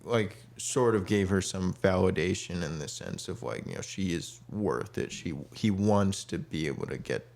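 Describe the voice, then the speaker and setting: A young podcast co-host with a low, gravelly, darkish voice talks at normal speed with few pauses. His casual conversation rambles, heavy on fillers, and he acts out the quotes.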